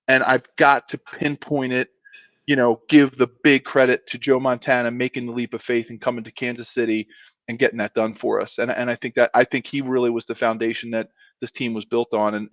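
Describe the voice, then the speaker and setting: A man in his fifties tells a long, meandering story full of asides and restarts. His voice sits at a middle pitch. The audio is dull and lo-fi, and it sounds dry. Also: flat delivery, a little fast, a bit bright, no room sound. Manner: rambling, with many restarts and asides. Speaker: guest, former pro football player. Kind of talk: casual anecdote telling.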